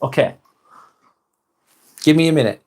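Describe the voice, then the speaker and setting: A man's voice: a little high, measured pace, a little mellow, husky. A man hosting a casual live stream on his phone, reading out viewer comments with dry jokes and casual swearing.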